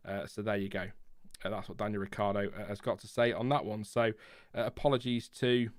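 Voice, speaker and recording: A chatty man hosts a casual live stream, laughing often between viewer messages and press releases. His voice is smooth and clear, recorded close and dry with no room sound. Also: mid-range voice, no echo. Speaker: livestream host.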